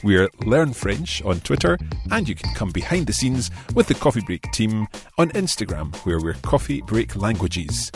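Lively, patient male language teacher. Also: lowish voice, faint music behind. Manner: patient, careful, slows down to model phrases. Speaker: language teacher and podcast host. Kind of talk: explanatory lesson narration.

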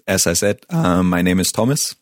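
A young man from Bavaria with a German accent, speaking English and modeling German words plainly and clearly as a co-teacher. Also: low-pitched, lively intonation, moderate pace, no room sound, clean studio sound. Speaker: native speaker co-host, master's student. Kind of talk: language teaching dialogue.

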